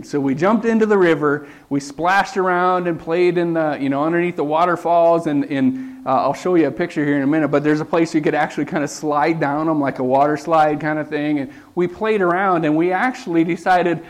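A man's voice: a little high, normal speed. Chatty man telling a travel story. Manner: conversational, with frequent "okay" and restarts. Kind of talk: storytelling talk with slides.

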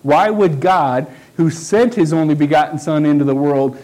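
A male pastor delivers a sermon in a relaxed, folksy manner. His voice sits a little higher than most men's. He talks with the congregation as if chatting, pausing to ask "okay?". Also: rough recording. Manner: folksy, conversational preaching with frequent "okay?" asides.

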